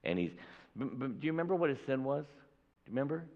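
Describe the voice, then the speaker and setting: A man's voice: mid-range voice, big pitch swings, quick pace. A man preaching a sermon from a church pulpit, talking emphatically and acting out the people in a Bible story. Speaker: pastor. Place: church sanctuary. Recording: echoey hall, dull lo-fi audio.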